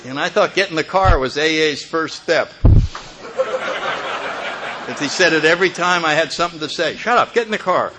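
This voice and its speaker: A man's voice: a little high, noisy background. An older man telling a humorous personal story as a speaker at a recovery meeting, often chuckling as he talks.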